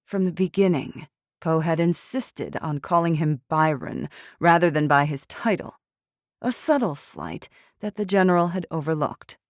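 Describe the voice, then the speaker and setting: Low-voiced woman narrating an audiobook. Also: no echo. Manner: measured, steady storytelling. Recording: dry studio recording.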